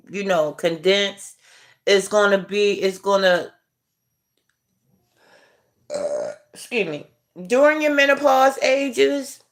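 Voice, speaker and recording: A middle-aged woman hosting a casual livestream, chatting with viewers in a laid-back, drawn-out way and chuckling as she reads comments. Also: mid-range voice. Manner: laid-back, drawn-out delivery, chuckling while reading chat. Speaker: livestream host.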